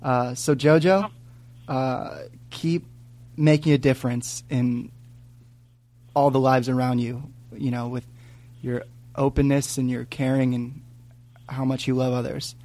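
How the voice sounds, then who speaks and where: A man's voice: medium pitch, flat delivery, unhurried, long pauses, darkish tone. Young guy, sincere and kinda nervous, podcast vibe. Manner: earnest, a bit nervous. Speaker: podcast guest. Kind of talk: reading a heartfelt letter on a podcast.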